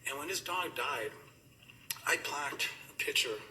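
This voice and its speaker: A man's voice: fairly high pitch, expressive, a little slow, pushed and bright, slight background noise, low-quality recording. A middle-aged man giving a rambling, emotional funeral eulogy, laughing through his stories about a friend. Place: funeral gathering indoors.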